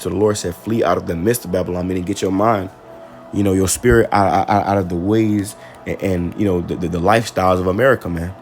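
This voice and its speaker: A man giving an informal sermon who reads Bible verses slowly and then explains them in casual slang, with many stammered restarts. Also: low voice, fairly even intonation, a little mellow, soft background music. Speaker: preacher. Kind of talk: informal scripture-reading sermon.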